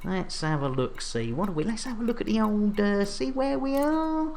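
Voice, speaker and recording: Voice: mid-range voice, lively intonation, moderate pace, a little mellow, a little hiss or hum. A game streamer chatting casually on a live stream, with jolly, chatty showman patter and playful catchphrases.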